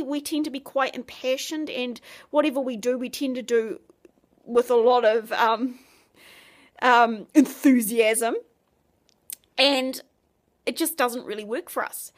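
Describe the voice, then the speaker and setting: A woman with a high voice giving a devotional talk. She speaks earnestly and conversationally, with lively asides to her listeners. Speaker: Christian speaker.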